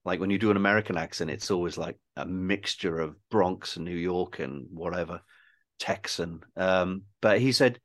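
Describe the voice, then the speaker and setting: A man, a film director and guest, talking in a casual interview, rambling and self-deprecating, halting and restarting often. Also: low voice. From Wales.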